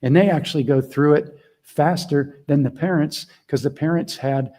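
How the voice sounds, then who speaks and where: A middle-aged man mentoring a group on a video call, talking earnestly and casually, shifting between quiet asides and emphatic points. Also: on the high side, fairly even intonation, normal speed. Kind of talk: casual teaching talk.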